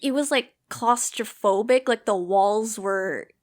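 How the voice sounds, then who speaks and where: A woman's voice: medium pitch, takes it slowly. A woman co-hosting a podcast, telling rambling stories full of fillers in casual chat. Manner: rambling storytelling with many fillers. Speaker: podcast co-host.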